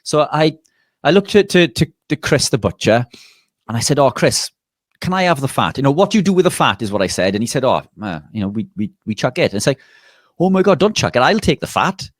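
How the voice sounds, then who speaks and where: A man, a nutritionist and bodybuilder, telling a lively anecdote in a casual interview, often restarting his sentences. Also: mid-range voice, fast, no room sound, studio quality.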